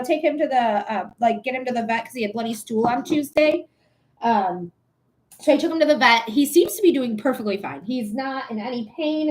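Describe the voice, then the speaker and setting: A woman's voice: high voice, darkish tone. A woman in her thirties hosting a livestream, chatting casually in a goofy, rambling way and laughing often. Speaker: livestream host and reader.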